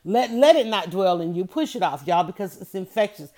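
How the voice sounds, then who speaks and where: A woman hosting a motivational podcast, telling stories with lively energy and repeating her key phrases to press a point. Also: mid-range voice, brisk. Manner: lively storytelling, addresses listeners as y'all and honey. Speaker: podcast host.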